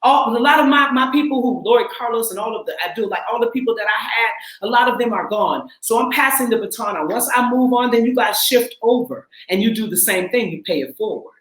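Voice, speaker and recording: A woman in her forties from the Twin Cities, an actress and acting coach, talking casually and emphatically, sometimes laughing and rising into shouts. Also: on the high side, brisk, hardly any pauses, reverberant, poor audio. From Twin Cities, Minnesota. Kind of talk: casual heartfelt talk.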